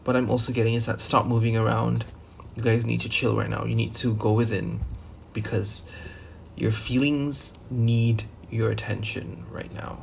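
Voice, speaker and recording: A man gives a casual, rambling tarot reading, full of fillers, restarts and the odd curse. His voice sits at an ordinary pitch with a noticeable gravelly fry. A faint hiss of background noise runs under the recording. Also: fairly even intonation, normal speed. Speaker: tarot reader.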